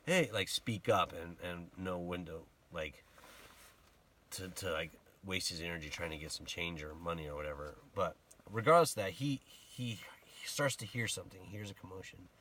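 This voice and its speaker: Guy with a lowish voice preaching casually, animated, acts out the story people. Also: moderate pace. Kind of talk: casual sermon retelling a Bible story.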